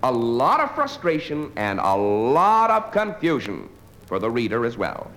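A man's voice: medium pitch, wildly swooping pitch, unhurried, a bit bright. A man doing a live stand-up routine, dry and digressive, bantering with the audience. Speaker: stand-up comedian. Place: live club before an audience. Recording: noisy live recording.

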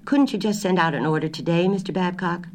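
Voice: medium pitch, a little fast, a little mellow, slight background noise, pitched above the performer's own voice, natural voice. A reader doing a patient, flustered older wife. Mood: polite. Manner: polite, placating, slightly raised voice.

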